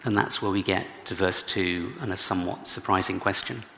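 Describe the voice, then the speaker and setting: Male preacher, lowish gravelly voice, expository sermon in a church hall with long reverb. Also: fairly quick, bright, forceful tone. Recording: reverberant hall with faint background noise.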